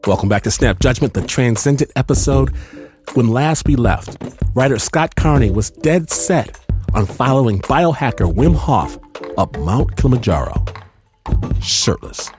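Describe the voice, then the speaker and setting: A male host introducing the show in a lively, quick manner. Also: medium pitch. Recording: music underneath.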